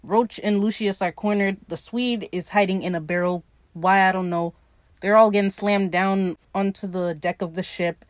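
A woman's voice: medium pitch, steady tone, normal speed, no room sound, studio quality. A woman hosting a podcast, giving a casual, sarcastic and profane recap of a TV episode and acting out bits of dialogue as she goes. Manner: sarcastic, profane running commentary; acts out quoted dialogue while retelling. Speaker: podcast host recapping a TV series.

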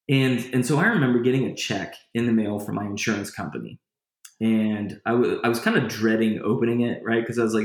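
A man's voice: fairly low pitch, brisk. A man telling a personal story in a casual interview, rambling and restarting his sentences as he goes. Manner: lively retelling of a personal story. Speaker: guest. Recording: echoey room.

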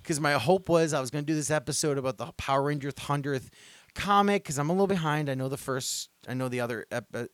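A young man hosts a podcast in a loose, rambling way, tripping over his words and restarting sentences. He gets louder and more worked up as he retells a story. His voice sits at an ordinary middle pitch, and the sound is close and dry, with no room around it. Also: no room sound. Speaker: podcast host. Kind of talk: casual podcast chat.

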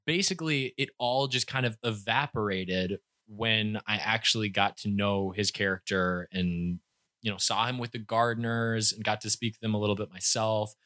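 A young man co-hosting a casual book-discussion chat, enthusiastic and quick to laugh, with stumbling restarts. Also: on the low side, steady tone, bright, forceful tone, no room sound, studio quality. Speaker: podcast co-host.

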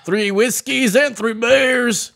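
A man voicing a cranky, chain-smoking middle-aged conspiracist with a rough smoker's rasp, ranting in a preachy drawl for a comedy podcast bit. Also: very high-pitched, slow, a bit bright, full character voice. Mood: boastful.

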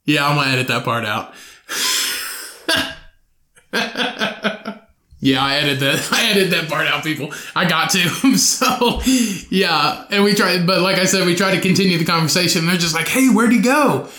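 Young male podcast host, loose and profane, slightly high, bright tone, echoey room. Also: brisk. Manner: profane, rambling, animated storytelling with laughs. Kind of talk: solo podcast storytelling.

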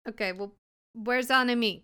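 A woman's voice: a little high, moderate pace, pushed and bright, clean tone. A woman playing a tabletop role-playing game who talks playfully and narrates what her character does. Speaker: player.

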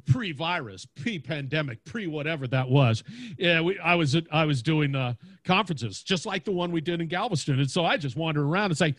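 An energetic man with a big booming voice, chatting casually in a podcast interview and laughing often. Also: normal speed, no room sound. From Louisiana, United States. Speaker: podcast host and guest. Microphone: podcast mic.

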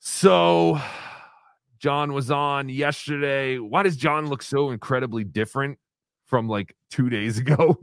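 A man hosting a casual livestream podcast, talking excitedly, swearing and laughing often as he tells a story. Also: medium pitch, measured pace, vocal fry, no room sound, clean studio sound. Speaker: podcast host.

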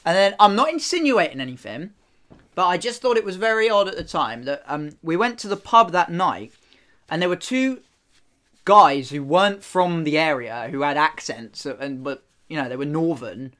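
A man's voice: a little high, moderate pace. A young man, telling a rambling, sweary story in casual chat and acting out the people in it. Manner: swearing, animated, acts out the people he quotes.

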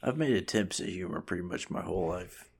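A man with a very deep, gravelly voice making dry, deadpan remarks on a casual podcast. His low voice still swings widely in pitch. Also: a little fast. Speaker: podcast co-host.

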